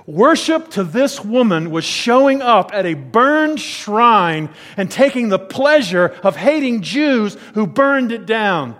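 A man preaching a sermon, swinging between quiet, low asides and loud, emphatic declarations. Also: big pitch swings, slow pace, few pauses, long reverb tail.

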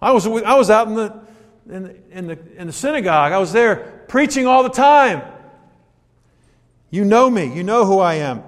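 A man's voice: on the high side, a little slow, few pauses, lightly acted. A preacher acts out a man standing before his questioners, pleading and emphatic, his raised voice ringing in a long hall reverb. He repeats each claim and presses the point home. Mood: insistent.

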